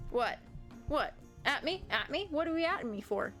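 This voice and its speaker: A chatty young woman with an American accent reads a visual novel aloud and keeps breaking off into animated, giggly commentary. Her voice sits a little high, and faint music plays beneath her. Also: normal speed. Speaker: gaming streamer.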